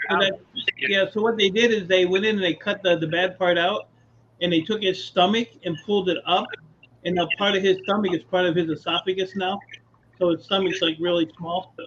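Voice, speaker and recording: A man with a notably high voice tells rambling stories and chuckles along the way. He swears casually. His sound is dull and lo-fi, with faint background noise. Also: fairly even intonation, brisk, fairly bright tone. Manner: laughs while telling stories, swears casually. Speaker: guest on a live scrap chat. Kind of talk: casual storytelling chat.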